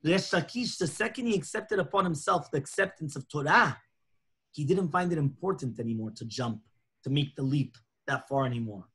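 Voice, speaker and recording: A man's voice: a little high, a little fast, breathy edge. A man, a rabbi, teaching a lunchtime Torah class, telling stories and acting out the dialogue. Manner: animated storytelling, acting out dialogue.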